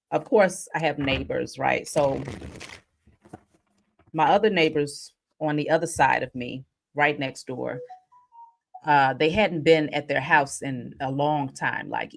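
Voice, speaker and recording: A woman with a fairly low voice talks casually through a spiritual reading. She slips into lively, animated storytelling and speaks directly to her viewers. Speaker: spiritual reader. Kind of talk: casual spiritual vlog talk.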